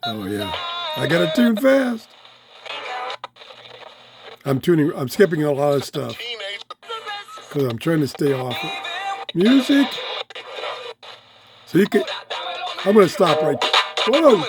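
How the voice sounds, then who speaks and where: A man with a voice going hoarse, chatting excitedly as he tries out a small radio in his home office. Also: on the high side, takes it slowly, pauses often, over music. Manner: chatty, easily excited, talks while fiddling. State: losing his voice, throat-clearing. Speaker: radio reviewer. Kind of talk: casual hands-on product review. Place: home office full of electronics.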